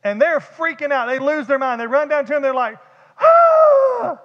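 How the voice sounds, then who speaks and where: A man preaching a sermon as pastor, animated and conversational, with vivid humor and repeated words. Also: very high voice, quick pace, a little hiss or hum. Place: church sanctuary. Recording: dull echoey church hall.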